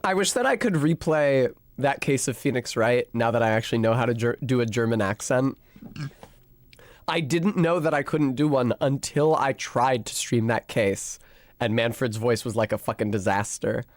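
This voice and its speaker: A streamer casually talking over a video game, in an animated, chatty and profane way. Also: male voice, mid-range voice, normal speed, no room sound.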